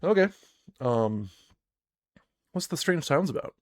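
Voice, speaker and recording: A man's voice: medium pitch, expressive, moderate pace, creaky, pauses often, darkish tone, dry recording, studio quality. A man narrating a solo tabletop game on a live stream, reading game text aloud and chatting to himself as he plays.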